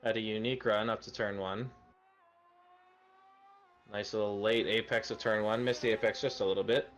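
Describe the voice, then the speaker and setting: A man with a Canadian accent giving relaxed, conversational live commentary on a sim racing session, thinking aloud as he goes. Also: on the low side, normal speed. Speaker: lead commentator.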